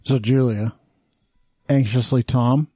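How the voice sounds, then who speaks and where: A male podcast host talking casually, blunt and wisecracking with the odd swear word. His voice sits at a typical male pitch. The recording is close and dry, with no room sound. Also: fairly even intonation, takes it slowly, warm tone, husky, dry recording.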